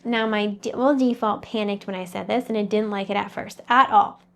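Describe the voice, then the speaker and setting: A woman's voice: medium pitch, steady tone, moderate pace, creaky, a bit bright. A woman talking as a mindset coach, giving an earnest, conversational motivational talk straight to the listener.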